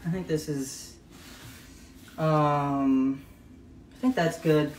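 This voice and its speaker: Low-voiced woman rambling through a kitchen livestream. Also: steady tone, extremely slow, background noise. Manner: chatty and rambling, self-correcting. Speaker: home cook hosting a live stream. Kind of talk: casual cooking livestream. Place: home kitchen.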